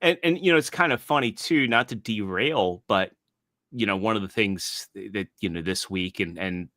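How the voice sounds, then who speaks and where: Bright low-voiced man, dry mic. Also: moderate pace, dry recording. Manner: chatty, full of asides and restarts. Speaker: podcast co-host. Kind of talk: casual chat watching a documentary.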